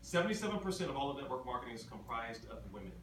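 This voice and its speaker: A man's voice: medium pitch, sing-song, rapid-fire. A man giving a motivational convention talk, emphatic and repetitive, throwing questions at the crowd. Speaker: motivational speaker. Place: large convention hall. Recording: echoey hall from far off, ambient noise.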